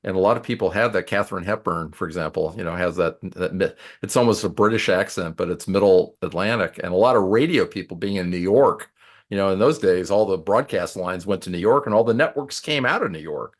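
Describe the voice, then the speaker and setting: A man, a guest on a podcast, chiming in with short asides and calm explanations. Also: deep voice, a little fast. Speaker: podcast guest, former DJ turned lawyer. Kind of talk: casual podcast chat.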